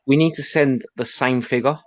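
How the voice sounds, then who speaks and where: An easygoing man chatting about toys at a middle pitch. His voice is dry and close, with no room sound. He agrees readily and talks plainly. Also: fairly even intonation, moderate pace, no echo. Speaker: toy stream co-host. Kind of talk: casual chat.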